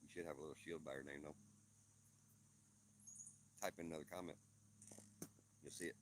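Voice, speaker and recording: A man's voice: rumbling low, fairly even intonation, a little fast, noisy background. A man hosting a casual livestream from his homestead, joking with his chat in a laid-back way. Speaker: livestream host. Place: outdoors on a homestead.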